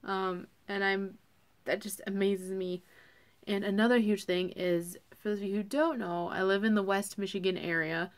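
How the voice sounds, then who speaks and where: A woman's voice: medium pitch, steady tone, normal speed, clean tone. A young woman talking casually to camera as a vlogger, chatty and full of fillers.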